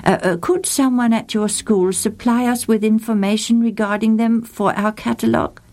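A woman's voice: fairly high pitch, fairly even intonation, moderate pace, a little mellow, close to an everyday voice. Woman doing a flustered polite priest. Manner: hesitant, full of uh and polite fillers. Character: polite, flustered male monastery librarian priest.

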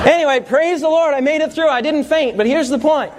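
A man with a strikingly high voice delivers a sermon from the pulpit. He tells humorous personal stories and keeps checking in with his listeners, asking them to answer aloud, while a faint room ambience sits behind him. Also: fairly quick, background noise. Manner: storytelling, humorous, quizzes the congregation. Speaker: pastor.

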